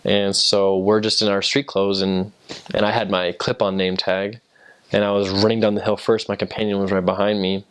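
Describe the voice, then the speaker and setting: A man's voice: lowish voice, little pitch movement, normal speed, a bit bright, clean tone. A young American man, a returned missionary, casually telling stories with lots of fillers and restarts. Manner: rambling, many fillers and restarts. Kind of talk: casual storytelling.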